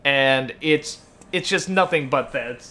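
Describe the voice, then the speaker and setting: A man's voice: medium pitch, takes it slowly, sharp tone. A man in his thirties hosting a web show, talking casually and loosely with lots of fillers, getting worked up over small moments. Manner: rambling, full of fillers and self-corrections, gets worked up about small things. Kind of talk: casual unscripted talk to camera.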